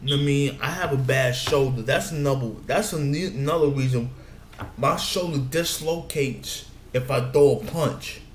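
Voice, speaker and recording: A man's voice: mid-range voice, normal speed. A man giving advice in a meandering casual monologue, often saying "you know what I'm saying". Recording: echoey room with faint background noise.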